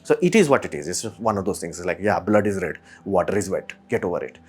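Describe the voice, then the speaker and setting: A man's voice: deep voice, lively intonation, fast talker, husky, soft background music. A man hosting a podcast, talking casually and emphatically, with rhetorical questions and mock quotes. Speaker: podcast host. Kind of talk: casual solo commentary.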